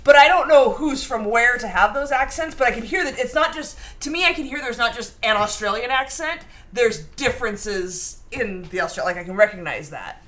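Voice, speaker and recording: This is a chatty woman co-hosting a live baking stream. Her voice sits high and swoops through a wide range. She reads viewer comments aloud and restarts her sentences often. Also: lively intonation, moderate pace, few pauses, a bit bright. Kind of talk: casual live-stream chat.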